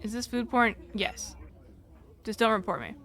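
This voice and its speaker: Bright-voiced young woman rambling candidly. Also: a little high, expressive, normal speed. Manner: rambling, candid, fillers like "like" throughout; swears casually. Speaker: live streamer. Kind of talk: casual storytelling and chat reading.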